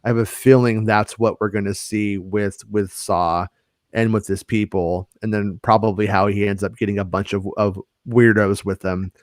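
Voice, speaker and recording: A man's voice: on the low side, fairly even intonation, normal speed, dry recording, clean studio sound. A man chatting casually on a podcast, telling stories in a rambling way with many restarts and fillers. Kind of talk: casual chat.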